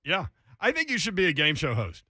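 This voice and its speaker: A man's voice: on the high side, fairly quick, no echo. A man hosting a sports radio show in the studio, joking and teasing his co-hosts in casual banter. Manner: lively, laughing, teasing.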